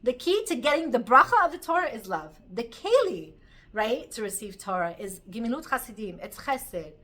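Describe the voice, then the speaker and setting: Bright, animated woman teacher. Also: on the high side, moderate pace. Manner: animated storytelling, mixes Hebrew terms. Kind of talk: Torah class.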